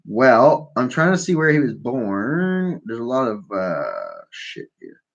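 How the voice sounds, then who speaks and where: A man's voice: mid-range voice, huge pitch swings, takes it slowly, gravelly, lo-fi sound. A man hosting a live call-in show from Canada, stoned and ranting about politics in a profane, rambling, mocking way. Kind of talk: casual stoned political rant.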